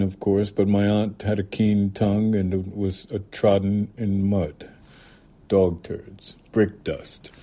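A man reading a literary short story aloud in a calm, measured way. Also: deep voice. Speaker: reader.

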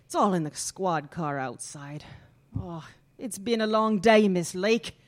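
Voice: mid-range voice, expressive, unhurried, close to an everyday voice. An actor playing a chatty male police lieutenant who tells things in a breezy, slangy way. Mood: explaining. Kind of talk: audio drama acting.

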